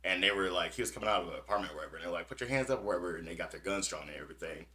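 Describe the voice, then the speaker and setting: A man's voice: sits low, rapid-fire, sharp tone, slightly rough. A man hosting a podcast, reading news stories aloud with small stumbles and commenting on them bluntly with plenty of cursing. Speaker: podcast host.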